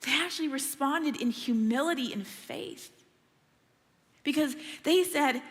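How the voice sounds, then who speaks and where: High-voiced woman preaching in an echoing hall. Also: measured pace. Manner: animated, conversational storytelling. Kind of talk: sermon.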